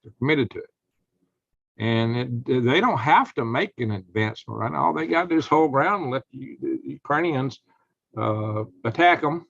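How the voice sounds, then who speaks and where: A man hosting a live prepping channel, rambling folksy commentary that turns loud and indignant, with a drawl. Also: mid-range voice, lively intonation, moderate pace, gravelly, dry recording, highs cut off.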